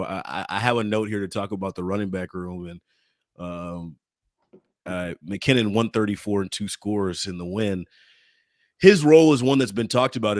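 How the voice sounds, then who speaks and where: A man's voice: fairly low pitch, dry recording, studio quality. A man co-hosting a sports podcast, chatty and given to repeating his words. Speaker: podcast co-host. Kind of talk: casual sports podcast chat.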